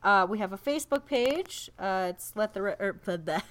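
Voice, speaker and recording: A woman hosting a casual podcast, her speech loose and chatty. She laughs often between rambling announcements, and her voice sits in a middle pitch. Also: animated, moderate pace, a bit bright. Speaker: podcast co-host.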